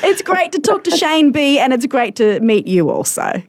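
A woman's voice: high voice, very animated, moderate pace. A woman co-hosting a casual radio interview, asking brief, encouraging questions. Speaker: radio co-host.

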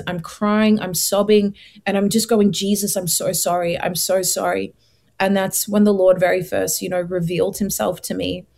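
Earnest young woman sharing testimony. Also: medium pitch. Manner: earnest, animated, acts out her own past thoughts. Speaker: guest sharing her testimony. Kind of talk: emotional personal testimony.

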